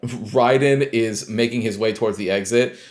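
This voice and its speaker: In a casual chat recapping a game, a man co-hosting a podcast retells a video game scene, full of fillers and quoted lines. His voice is medium-pitched and his speed normal.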